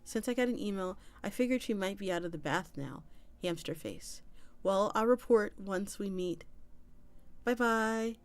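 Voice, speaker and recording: A woman's voice: medium pitch, a little slow. A woman streamer reading an internet story aloud in a casual way, with small slips and restarts.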